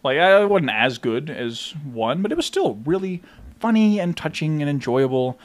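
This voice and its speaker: Dry-joking young man, slightly high voice. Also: expressive, normal speed. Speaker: podcast co-host, movie reviewer. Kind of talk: casual chat.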